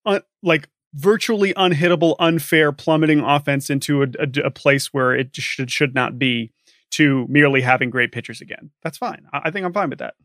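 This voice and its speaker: A young man co-hosting a podcast in casual chat, animated and peppering his speech with fillers. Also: a little high, normal speed, no room sound, studio quality. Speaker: podcast co-host.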